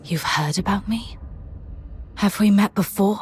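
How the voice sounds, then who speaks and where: An actress voicing a young woman military officer in a video game, calm, guarded and direct. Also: medium pitch, a little slow, a little hiss or hum, lightly acted.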